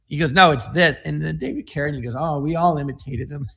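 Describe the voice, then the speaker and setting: A man in his sixties, a comedian telling stories on an online panel, animated and dropping into quick impressions. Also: on the high side, creaky. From United States. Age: 60s. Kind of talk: casual storytelling.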